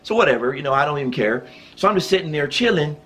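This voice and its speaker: A man with a slightly raised pitch tells a story on his own vlog. He talks in a loose, rambling way, full of fillers and restarts, and keeps chuckling between phrases. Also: expressive, fast, a bit bright, faint music behind. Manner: chuckles often while telling a story. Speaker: channel host.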